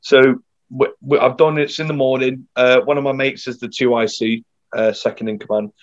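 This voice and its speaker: A man's voice: mid-range voice, steady tone, moderate pace, no echo. A young man telling a casual army story on a podcast, swearing freely and acting out what others said. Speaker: podcast guest. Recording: dull lo-fi sound.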